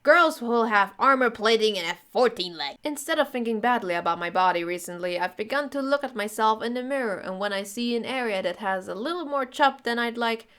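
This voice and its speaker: Young woman reading jokes deadpan. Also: fairly high pitch, a little fast, hardly any pauses. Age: 20s. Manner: casual, deadpan, swinging between many put-on voices. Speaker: comedy dubber reading posts aloud. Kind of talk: comedic dub of text posts.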